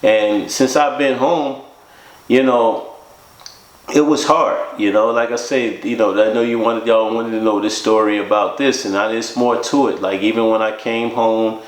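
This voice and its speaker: A man's voice: on the low side, fairly even intonation, moderate pace, roomy sound. A man telling his life story in a casual interview, often acting out what others said. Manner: casual, acts out quoted voices. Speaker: interview guest. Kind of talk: candid storytelling.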